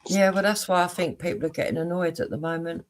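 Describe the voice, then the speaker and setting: A man's voice: fairly high pitch, fairly even intonation, fast talker. A man hosting a casual live stream debate, blunt and argumentative.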